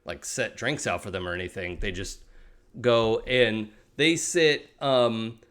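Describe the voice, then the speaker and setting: A man's voice: fairly low pitch, a little slow, fairly bright tone, clear, resonant tone. A young adult man narrating a tabletop role-playing game as game master, with many fillers and restarts.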